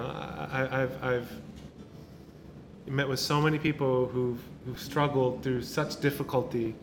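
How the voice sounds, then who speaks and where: A man's voice: medium pitch, a little hiss or hum. A male pastor preaching an informal sermon, talking in a casual way with restarts and many tag questions. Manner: conversational, repeats words, many tag questions.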